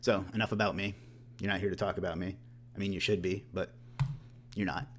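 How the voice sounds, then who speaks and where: Man in his late thirties, webinar host: brisk, lowish voice, casual and self-mocking. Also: flat delivery, slight background noise. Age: late 30s. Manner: joking, self-deprecating asides; loose and conversational, with restarts.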